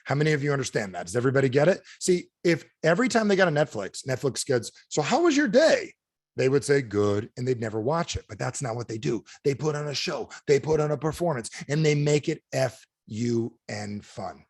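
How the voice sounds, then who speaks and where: A man giving an energetic sales training talk over a video call, firing questions at his audience. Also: medium pitch, brisk, few pauses, no room sound, clean studio sound. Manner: animated, asks the audience repeated questions. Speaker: motivational speaker.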